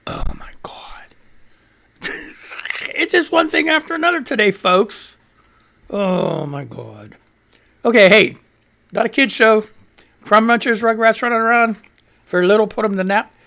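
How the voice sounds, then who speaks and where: A man's voice: high voice, big pitch swings, moderate pace, gravelly, long pauses, pushed and bright. A man in his sixties hosting a live radio stream, chatting casually and profanely and reading viewer tweets. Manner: profane, rambling, laughs at himself. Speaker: radio show host.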